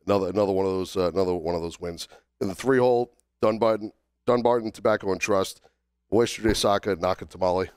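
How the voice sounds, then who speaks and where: Male podcast co-host, low smooth voice, under the weather, halting delivery, dry close sound. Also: no room sound. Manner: halting, many fillers and restarts while listing. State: under the weather, on cold medicine. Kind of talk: casual podcast chat.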